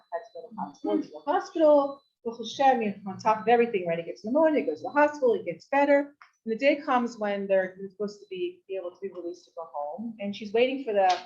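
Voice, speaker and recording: A woman teacher gives her weekly live Torah talk in a women's study hall at a community center, telling a story with very expressive pitch. Her animated delivery rises to shouting for quoted outbursts, and the live recording is muffled, dull and lo-fi.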